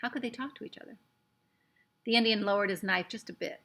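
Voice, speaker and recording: A woman reading a children's book aloud with expressive, lively narration. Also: medium pitch, fast talker. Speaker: storyteller.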